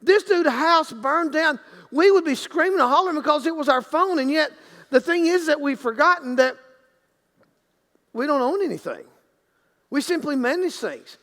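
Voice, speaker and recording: A man's voice: very high-pitched, lively intonation, moderate pace, long pauses, sharp tone, big-room sound. A man preaching a sermon as pastor in a church sanctuary, talking in a loose, conversational way with many restarts and acted-out quotes.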